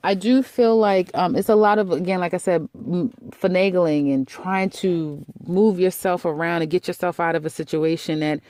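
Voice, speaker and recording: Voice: mid-range voice, moderate pace, hardly any pauses, a little mellow, dry recording. A tarot reader giving a casual monthly reading in a chatty, rambling way, blunt and laughing at their own remarks.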